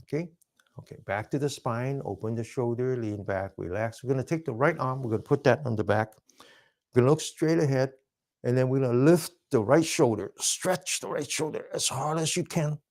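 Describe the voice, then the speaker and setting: Male instructor, mellow voice, calm step-by-step cues, whispers breathing lines. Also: medium pitch, a little fast. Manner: drops to a soft whisper for breathing phrases. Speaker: mindfulness exercise instructor. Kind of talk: guided movement and breathing class.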